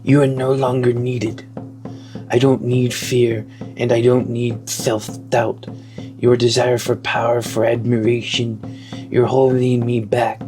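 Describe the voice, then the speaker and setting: A man's voice: mid-range voice, level tone, slow, music in the background, natural voice, low-quality recording. A man voicing an earnest young male shaman apprentice in a game, reading the lines plainly. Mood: determined.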